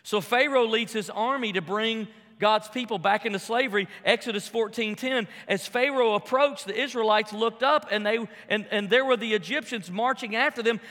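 A man's voice: sits high, moderate pace, few pauses, sharp tone, long reverb tail. A pastor preaching a sermon to his congregation, asking rhetorical questions.

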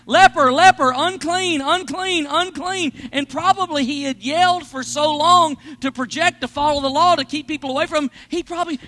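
A man preaching a sermon, animated, swinging between loud bursts and hushed asides. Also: very high voice. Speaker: pastor.

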